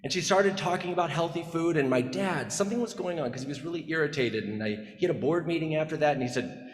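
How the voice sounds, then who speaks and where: Midwest guy preaching, telling a story, chatty, kinda high voice, echoey church. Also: quick pace, a little hiss or hum. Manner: conversational, chatty, with frequent restarts. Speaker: guest preacher. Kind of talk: storytelling sermon. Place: church sanctuary.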